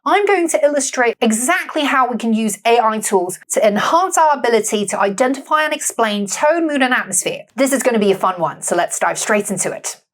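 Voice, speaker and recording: A woman teaching English literature in an upbeat, clear, explanatory video lesson. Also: on the high side, animated, brisk, few pauses.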